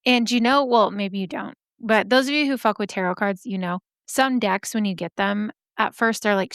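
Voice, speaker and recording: A woman's voice: mid-range voice, clean tone, no room sound, clean studio sound. A young woman hosting a podcast, chatting casually in a gushing way that swears freely, her voice a little scratchy today. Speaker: podcast host. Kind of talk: casual chat.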